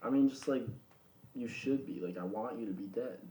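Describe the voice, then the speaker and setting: A man's voice: medium pitch, normal speed, warm tone. A young man co-hosting a podcast, teasing and incredulous in casual chat. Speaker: podcast co-host. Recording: roomy room with faint noise.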